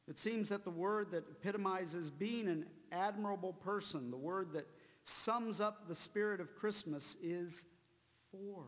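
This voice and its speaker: A man preaching a sermon, slow and deliberate, repeating key words for emphasis. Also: high-pitched, a bit bright, big-room sound. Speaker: pastor.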